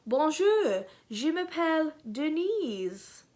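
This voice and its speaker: A woman's voice: high-pitched, expressive, unhurried, a bit bright, pitched above the performer's own voice. Woman reading as a hesitant schoolboy. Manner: hesitant, unsure. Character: shy twelve-year-old English boy, nervous.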